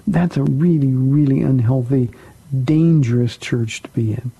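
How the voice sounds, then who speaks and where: Male pastor, call-in radio host; husky, dark, conversational teacher. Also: mid-range voice, measured pace, low-quality recording. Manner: conversational, repeats words for emphasis.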